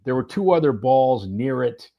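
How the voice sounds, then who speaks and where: A man casually telling a golf anecdote on a podcast, animated, with plenty of fillers and restarts. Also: mid-range voice, moderate pace, gravelly, lo-fi sound. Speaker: golf radio reporter and podcast guest. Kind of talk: casual storytelling chat.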